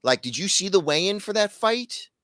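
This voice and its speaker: Casual, animated man on a podcast. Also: high-pitched, moderate pace, no echo, studio quality. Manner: animated storyteller, acts out quotes in loud voices. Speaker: podcast co-host. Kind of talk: casual chat.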